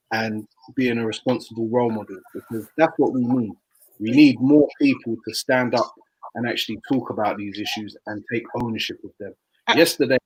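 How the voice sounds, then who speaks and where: A man speaking in a measured, encouraging, reflective way while leading a casual discussion. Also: mid-range voice, slightly rough, rough recording.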